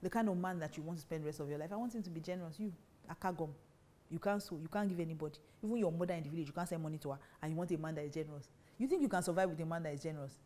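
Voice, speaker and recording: A woman preaches at a quick clip, firing question after question at her listeners. Her voice sits mellow and warm rather than bright, and she teaches on marriage with emphatic conviction. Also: fairly low pitch. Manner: emphatic, fires rhetorical questions. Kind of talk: preaching talk to women.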